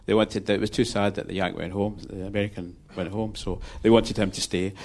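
A man with a lowish voice talks in a relaxed, rambling way, trailing off and restarting his sentences. It is easygoing live chat as a guest on a show. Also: fairly quick. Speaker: guest filmmaker.

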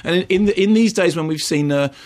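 Middle-aged British male film critic, quick, slightly high, ranting with asides. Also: darkish tone. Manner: rambling, ranting, full of asides and restarts. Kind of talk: animated radio film review.

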